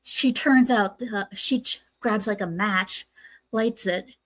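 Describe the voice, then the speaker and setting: A woman's voice: medium pitch, slow, dry recording. A woman hosting a casual movie review podcast, retelling scenes step by step with lots of "uh"s. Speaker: podcast host.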